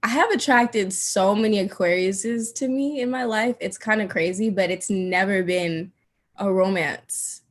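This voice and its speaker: A woman hosting a casual podcast chat about astrology, laughing often and leaning on "like". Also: medium pitch. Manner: laughs often, drawn-out filler "like". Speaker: podcast host.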